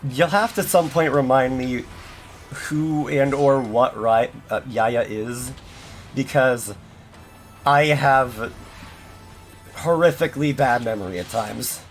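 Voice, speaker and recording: Speaking slowly and pausing often, a man with a mid-range voice streams a video game. His casual chat with the audience rambles and is self-deprecating, packed with fillers and restarts, with faint game music in the background.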